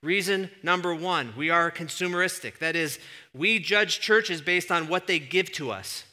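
Bright, animated male pastor. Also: on the high side, moderate pace. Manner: animated, conversational, acts out quotes. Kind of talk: sermon.

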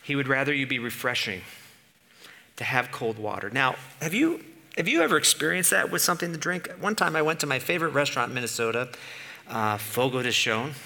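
Guy preaching a sermon, lively, asks the crowd stuff, bright ringing voice. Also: mid-range voice, brisk, gravelly. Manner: animated, rising to emphatic peaks with rhetorical questions.

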